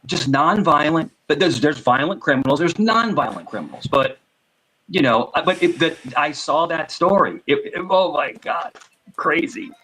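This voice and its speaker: A man in casual chat, talking excitedly and stumbling over his words. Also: fairly high pitch, moderate pace, husky, low-quality recording. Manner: excited, stammering.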